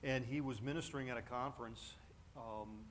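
A man's voice: mid-range voice, fairly even intonation, moderate pace, a bit bright, a little hiss or hum. A man preaching a sermon from a church pulpit, telling a story with lots of fillers and restarts. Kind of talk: sermon with anecdote.

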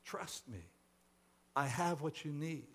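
A man voicing a calm, gentle stranger who brings light, soft and reassuring. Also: fairly high pitch, slow pace, slightly rough, exaggerated voice.

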